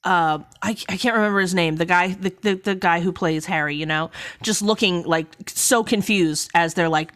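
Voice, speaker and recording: A woman's voice: lowish voice, normal speed, a bit bright. A woman streamer chatting casually during a book critique. She rambles and interrupts herself, with frequent coughs.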